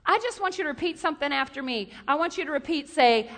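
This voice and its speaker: A woman preaching a sermon in a lively, animated way, repeating questions for emphasis and telling stories. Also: high-pitched, fast talker, hardly any pauses, in a large hall.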